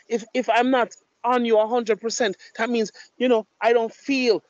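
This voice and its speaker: Man, podcast host, high voice, profane and blunt, dry dull recording. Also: flat delivery, moderate pace, dry recording. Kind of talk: casual podcast chat. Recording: dull lo-fi mic.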